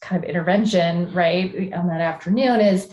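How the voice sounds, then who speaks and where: A woman artist guest on a podcast, talking through her ideas in a relaxed, reflective way. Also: lowish voice, normal speed, muffled recording. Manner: reflective, talks through ideas with many fillers. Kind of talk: casual podcast conversation. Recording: echoey room.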